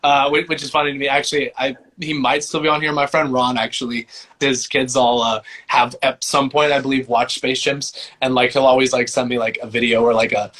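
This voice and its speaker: A young man chats loosely as an interview guest, his voice sitting at an ordinary middle pitch. He rambles in a relaxed way and leans on fillers as he goes. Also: a little fast. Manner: laid-back, rambling, many "like" fillers. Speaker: voice actor and musician guest. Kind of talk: casual interview chat.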